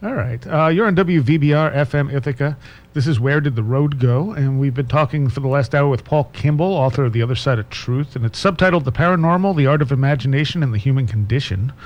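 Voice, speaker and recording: A male radio host keeps a long interview moving. He mostly offers short agreements and laughs along, then reads station information. His voice sits at an ordinary middle pitch. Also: quick pace. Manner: brief affirmations, laughs along.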